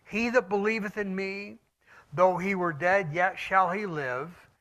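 Reading scripture in a slow, solemn sermon, a high-sitting male voice alternates between booming declamation and quiet, near-whispered passages.

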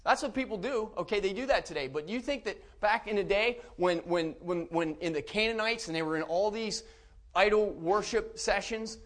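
Man, preacher, high voice, emphatic, restarts words, church sermon. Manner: emphatic, rising to loud preaching.

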